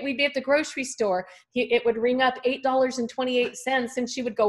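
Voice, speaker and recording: Speaking briskly in a high-pitched, fairly even voice, a Californian-born woman in her fifties gives her personal testimony as a guest on a podcast. This author and speaker tells her faith story earnestly and performs the quoted voices.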